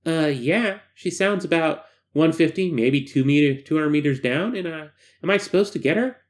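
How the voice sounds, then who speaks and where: A man voicing a nervous, reluctant male test subject in a high, nasal, slightly froggy voice. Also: expressive, normal speed, natural voice. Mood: uneasy. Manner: pleading, reluctant.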